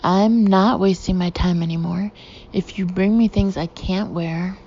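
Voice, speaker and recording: A woman's voice: on the low side, steady tone, unhurried, mellow, highs cut off, slight background noise. A woman reading the part of a haughty, patronizing British woman, cool and condescending. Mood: dismissive.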